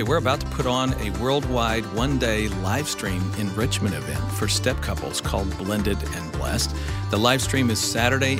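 A man hosting a podcast, reading announcements and sponsor thanks in a friendly promotional way. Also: lowish voice. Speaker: podcast host. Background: music.

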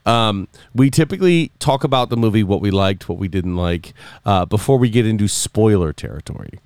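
Podcast host, male, animated delivery, smooth clear voice, close dry mic. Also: fairly low pitch, fairly quick, dry recording. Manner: animated, joking, plans the episode. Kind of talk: casual chat.

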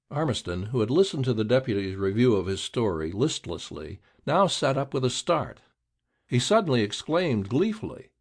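Lively male audiobook narrator. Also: mid-range voice, moderate pace. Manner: expressive storytelling reading. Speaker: audiobook reader. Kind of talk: scripted narration.

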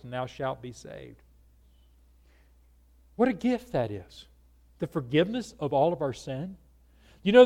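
Guy preaching a sermon, kinda high voice, earnest, lots of rhetorical questions. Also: darkish tone. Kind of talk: conversational sermon.

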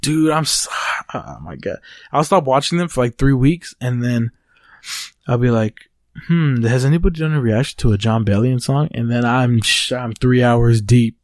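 A man's voice: mid-range voice, normal speed, dry recording. A young man co-hosting a casual podcast, loose and profane, often breaking into laughter. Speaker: podcast co-host. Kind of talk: casual chat.

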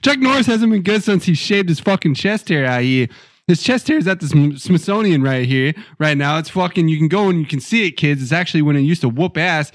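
Lively, giggly young man riffing crude jokes. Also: a little high, brisk, no room sound. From Idaho, US. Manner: animated, giggly, crude absurd riffs. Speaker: podcast co-host. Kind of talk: profane comedic riffing on word prompts.

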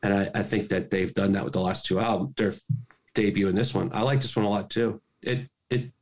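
A man's voice: on the low side, fairly even intonation, a little fast, a little mellow. A man co-hosting a podcast, talking casually and correcting himself as he goes. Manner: rambling, self-correcting. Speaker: podcast co-host. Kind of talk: casual chat.

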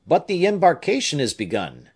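A man's voice: a little high, huge pitch swings, moderate pace, breathy edge, pitched above the performer's own voice, heavily acted. A man voicing an earnest young nobleman. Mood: urgent. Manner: fervent, emotional pleading.

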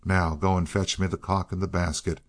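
A man's voice: deep voice, flat delivery, a little fast, natural voice. A man voicing a stern, knowing old holy man in a storybook reading, with a commanding, dry manner.

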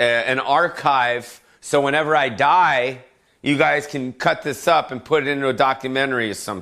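A middle-aged man rambles through a solo comedic podcast rant in a mid-pitched voice. He swears freely, cuts himself off mid-sentence, and now and then bursts into yelling. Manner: rambling, profane, self-interrupting, bursts of yelling. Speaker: podcast host.

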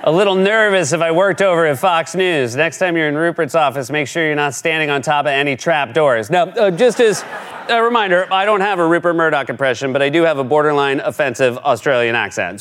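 A man's voice: fairly high pitch, quick pace, fairly bright tone. Wry man hosting a comedy monologue. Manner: wry, sarcastic. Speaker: late-night comedy host. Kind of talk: scripted comic monologue.

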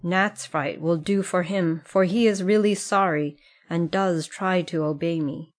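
A woman reading the part of a firm, kindly older male schoolmaster in a storybook, speaking in a steady, measured way. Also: fairly low pitch, natural voice.

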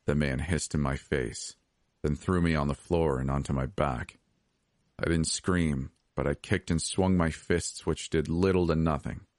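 A man reading a scripted horror story as podcast narrator, steady and measured. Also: rumbling low, no echo, clean studio sound.

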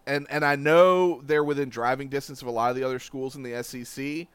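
Man, slight Southern twang, podcast co-host, relaxed joking, clear resonant tone. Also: medium pitch, a little fast, no room sound. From Charlotte area. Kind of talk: casual sports chat.

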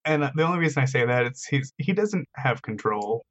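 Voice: mid-range voice, lively intonation, brisk, highs cut off. A tabletop game player describing a character's actions in a casual, hesitant way.

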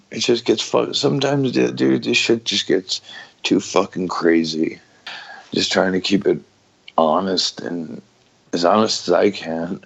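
A man's voice: deep voice, vocal fry, husky, highs cut off. A middle-aged man, a former pro wrestler, talking candidly in an interview, raw and profane, stopping and restarting often.

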